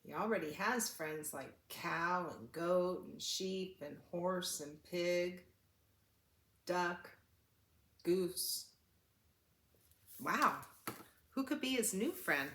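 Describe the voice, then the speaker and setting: An older woman reading a picture book aloud to children, animated and asking them questions. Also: lowish voice, slow, long pauses, reverberant. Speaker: children's story reader.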